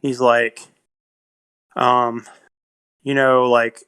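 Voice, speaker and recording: A man's voice: mid-range voice, fairly even intonation, moderate pace, a bit bright, smooth. Rambling man retelling a film plot. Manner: rambling retelling with many fillers and quoted lines. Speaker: podcast co-host. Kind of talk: casual film discussion.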